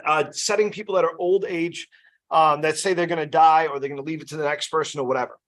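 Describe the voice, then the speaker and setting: Speaking quickly in a slightly high, steady, fairly bright voice, a man leads a loose, chatty sales training. He keeps checking in with listeners using "you know" and "right?", in the easy style of casual team training talk.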